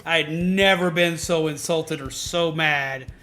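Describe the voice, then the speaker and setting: A streamer man with a high, bright voice rants heatedly at his chat. He swears freely and keeps repeating himself and restarting his sentences. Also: steady tone, unhurried, a little hiss or hum. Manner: heated, profane, emphatic; self-interrupting, repeats himself. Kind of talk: casual ranting to stream chat.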